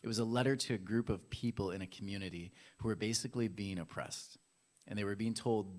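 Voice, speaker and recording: Low-voiced playful male pastor. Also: a little fast, darkish tone. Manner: playful, chatty, addresses the congregation directly. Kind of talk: casual sermon with audience games. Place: church hall.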